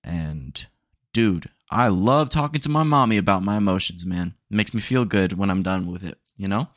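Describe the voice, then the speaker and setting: A man's voice: low voice, expressive, moderate pace, fairly bright tone, dry recording, clean studio sound. A young man hosting a solo podcast, talking in a candid, rambling way with casual slang and small jokes. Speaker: podcast host.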